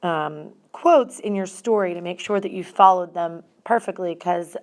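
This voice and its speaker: A woman's voice: on the low side, moderate pace. A woman teacher giving a grammar lesson, explaining step by step and stressing single words.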